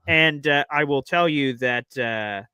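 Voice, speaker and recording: A man co-hosting a show, chatting casually and telling a rambling story with animated impressions. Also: on the high side, fairly quick, dry recording. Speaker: podcast co-host. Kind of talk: casual chat.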